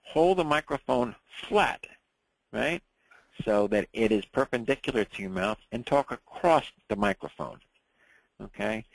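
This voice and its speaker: A man teaching a ham radio class in a relaxed, chatty way, often checking in with the room. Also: on the low side, unhurried, creaky, rough recording.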